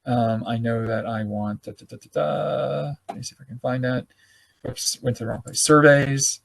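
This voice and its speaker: A man presenting a live webinar, walking viewers through a software demonstration in an informal, self-correcting way, thinking aloud and a little hoarse as he loses his voice. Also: mid-range voice, fairly even intonation, normal speed. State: losing his voice.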